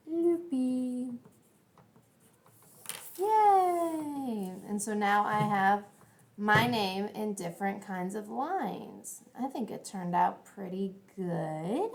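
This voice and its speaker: A woman's voice: medium pitch, vocal fry, a little hiss or hum. A young adult woman teaching an art lesson, chatty and encouraging, thinking aloud as she draws and colors. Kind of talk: classroom art lesson video.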